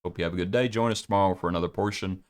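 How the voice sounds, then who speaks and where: A man preaching in a daily devotional Bible lesson, reflective and halting, often repeating words and restarting sentences. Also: deep voice.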